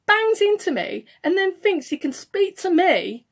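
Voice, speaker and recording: A woman with a Birmingham accent telling a story to camera in an indignant, animated way, acting out what was said. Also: very high-pitched, a little slow, gravelly. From England. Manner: indignant, animated retelling with acted quotes. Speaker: vlogger.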